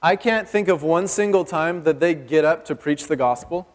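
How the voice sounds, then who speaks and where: A man's voice: a little high, normal speed. A male pastor preaching a sermon in a church hall, chatty and joking, asking the congregation questions. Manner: conversational and joking, asks the audience questions. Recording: long reverb of a church hall.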